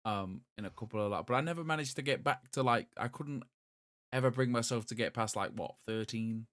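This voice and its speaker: A man, co-hosting a podcast in casual, excitable chat full of swearing and restarts. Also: mid-range voice, brisk, no echo, clean studio sound. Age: 30s. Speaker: podcast co-host.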